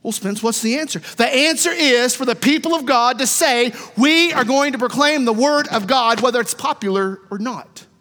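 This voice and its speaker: A man with a strikingly high voice preaches a sermon. His delivery is impassioned, slowing and sinking low to drive points home. The sound carries a long hall reverb, as in a church sanctuary. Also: sharp tone, slight background noise. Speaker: pastor.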